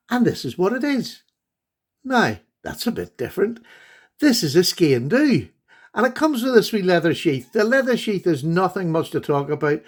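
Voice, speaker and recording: A middle-aged man hosting a casual vlog, chatting fondly and a little rambly while showing knives to the camera. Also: fairly high pitch. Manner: chatty, rambling, fond and enthusiastic. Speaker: host, knife collector.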